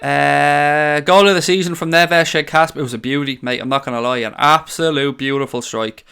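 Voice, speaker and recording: A man hosting a casual fan livestream from a green-screen home studio, reading chat aloud, excitable and swearing freely. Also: a little high, moderate pace, vocal fry, clean tone. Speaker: fan channel host reading live chat.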